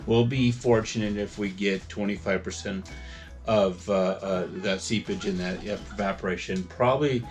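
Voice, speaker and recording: Working on a home how-to project, a DIY vlogger narrates in a casual, rambling way full of fillers, thinking aloud and sometimes slightly short of breath. He speaks at a moderate pace in a steady, lowish voice, with faint music behind him.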